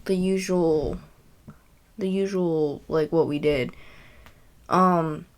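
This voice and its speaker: A woman's voice: low-pitched, steady tone, takes it slowly, a little mellow. A young woman telling a personal story in a casual, rambling way, full of fillers and self-corrections. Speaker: podcast host.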